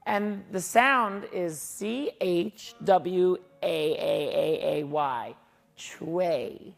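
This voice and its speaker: Qigong teacher, woman, very gravelly and low, chatty guiding tone, faint music behind. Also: very slow. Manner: chatty, folksy instructions with asides. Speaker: qigong instructor. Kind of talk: guided exercise class. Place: martial arts and fitness studio.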